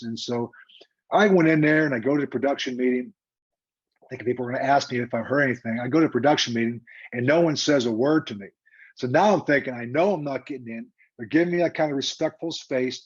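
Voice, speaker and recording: In an interview, an older man who once coached football tells a story in a lively, emphatic, conversational manner. His voice is medium-pitched with a breathy edge, and the remote audio is dull and lo-fi.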